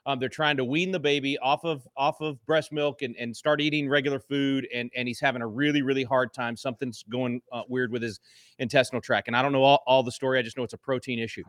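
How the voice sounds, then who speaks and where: A man's voice: medium pitch, fairly even intonation, fast talker, a bit bright, no echo. Fervent, angry middle-aged man, dry sound. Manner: angry, fervent, with frequent restarts. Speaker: guest. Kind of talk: impassioned talk show commentary.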